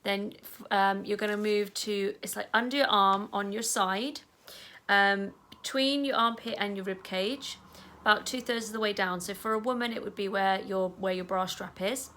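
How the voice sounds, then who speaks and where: Gentle woman guiding tapping. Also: medium pitch, steady tone, normal speed, slight background noise. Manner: casual and chatty, affirmations spoken softly, trailing to a whisper. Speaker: EFT tapping guide. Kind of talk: guided tapping instruction.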